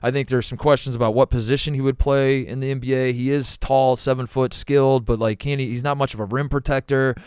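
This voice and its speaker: A man's voice: mid-range voice, fairly even intonation, brisk, hardly any pauses, darkish tone, clean tone, no echo, studio quality. A man co-hosting a sports podcast in casual, rambling chat, often repeating himself. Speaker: podcast co-host.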